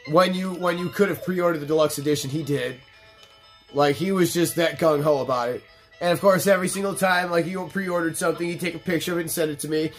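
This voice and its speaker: A man's voice: fairly high pitch, quick pace. Rambling stoned young man over game music. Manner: rambling, profane, laid-back. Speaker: let's play host. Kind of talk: casual gameplay commentary.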